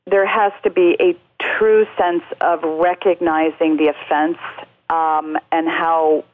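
A woman's voice: sits low, flat delivery, slow pace. A woman speaking as a guest in an interview, giving earnest, reflective answers with many fillers and restarts. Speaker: guest speaking on parenting and faith. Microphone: telephone. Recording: tinny phone line.

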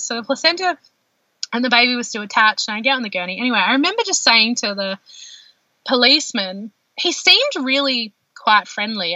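Animated woman, bright and higher. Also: no room sound. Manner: animated, heavy use of filler words. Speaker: podcast guest. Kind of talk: telling a personal birth story. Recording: dull lo-fi dry sound.

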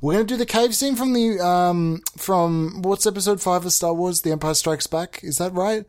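A man's voice: high voice, moderate pace, darkish tone. A man hosting a comedy show, rambling in a mock-pompous way and swearing now and then.

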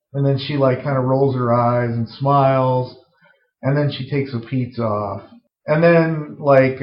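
Rambling man pitching a movie scene. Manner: rambling, full of "like" and "uh", profane. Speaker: screenwriter pitching a story. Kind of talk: casual rambling story pitch. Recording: roomy, dull lo-fi recording.

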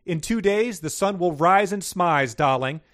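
A man's voice: high voice, lively intonation, unhurried, fairly bright tone, pitched above the performer's own voice. A man voicing a fierce, glamorous female diva who gives a sassy, theatrical pep talk.

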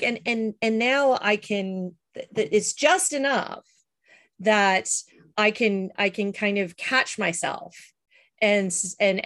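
A middle-aged woman talking casually, hesitant, with many restarts and fillers. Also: medium pitch. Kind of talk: casual chat.

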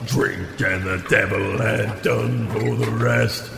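Gruff old pirate guy, slow gravelly chant, echoey with loud music and thunder behind. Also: lowish voice, fairly even intonation, exaggerated voice. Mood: menacing chant. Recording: roomy echo over loud music and thunder.

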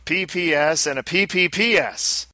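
A man hosting a casual podcast, playful and teasing, tossing in quick asides. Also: a little high, bright, forceful tone, no echo, clean studio sound. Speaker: podcast host.

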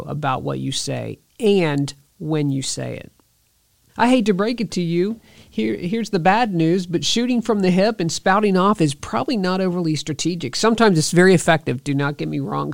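Woman podcast host, motivational monologue, earnest and encouraging, some vocal fry, dry close sound. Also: on the low side, a little mellow, dry recording. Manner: earnest, encouraging, direct address with rhetorical questions.

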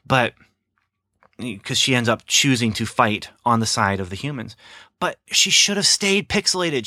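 A man's voice: medium pitch, big pitch swings, normal speed, sharp tone, no echo, clean studio sound. A middle-aged man giving a rambling, sarcastic casual film review. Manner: rambling, sarcastic, lots of fillers and restarts.

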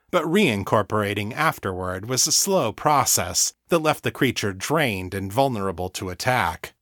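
A man reading his own fantasy novel as an audiobook, in a steady, measured storytelling voice. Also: lowish voice, dry recording, clean studio sound. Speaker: author and audiobook narrator. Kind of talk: scripted audiobook narration.

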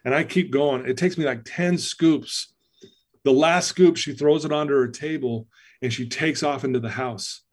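A man guest on an interview podcast, speaking at an ordinary middle pitch. He tells a personal story earnestly, with plain emotion in his voice. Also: moderate pace.

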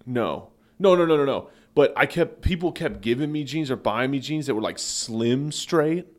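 A man co-hosting a comedy sports podcast, telling rambling stories in an animated way that often breaks into laughter. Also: medium pitch, normal speed. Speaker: podcast co-host. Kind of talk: casual comedic sports chat.

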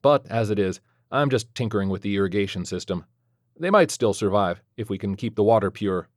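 Man, scripted first-person narration, sardonic, dry wit, lowish voice, dead-dry sound. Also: animated, fairly quick, no room sound.

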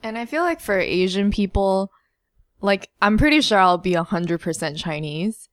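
A woman's voice: mid-range voice, animated, normal speed, no room sound, studio quality. A woman who is a podcast guest, speaking casually with tentative, trailing phrasing.

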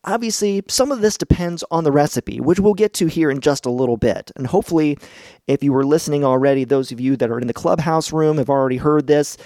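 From his home basement, a middle-aged man hosts a casual instructional podcast, laughing often and sounding chatty and encouraging as he explains. He talks fast in a warm, fairly high voice, recorded with clean studio sound and no room sound.

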